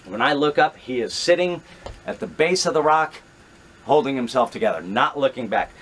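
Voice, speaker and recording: A middle-aged man telling a true story to camera, animated and reenacting his own thoughts, with frequent fillers and restarts. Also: mid-range voice, normal speed, a little hiss or hum.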